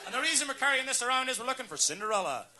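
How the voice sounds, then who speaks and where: A man doing jokey, deadpan stage banter live in a pub. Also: very high-pitched, rapid-fire, heavy background noise. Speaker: pub band performer telling jokes.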